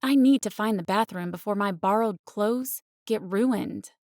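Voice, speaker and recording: A woman narrating a first-person romance audiobook with expressive, earnest storytelling. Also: medium pitch, a little slow, dry recording, studio quality.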